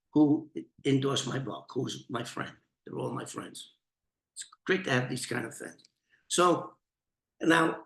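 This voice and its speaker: Animated New York man, bright echoey voice. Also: fairly high pitch. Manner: animated, swearing, restarts, laughs. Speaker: storyteller, former informant. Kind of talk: casual storytelling to camera. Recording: echoey room.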